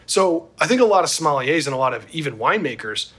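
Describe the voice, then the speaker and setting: Husky-voiced man, animated talker. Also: on the high side, fast. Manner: animated, opinionated, laughs easily. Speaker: podcast host. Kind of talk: casual chat about film and wine.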